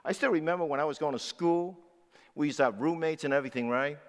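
A man in his sixties preaching a sermon as pastor, swinging between loud emphatic lines and low, quiet asides. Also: fast. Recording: long hall reverb.

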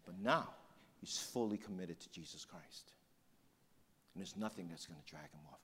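A man preaching a sermon as a pastor, telling a story and swinging from passionate, emphatic peaks to hushed, intense lows. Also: moderate pace, in a large hall.

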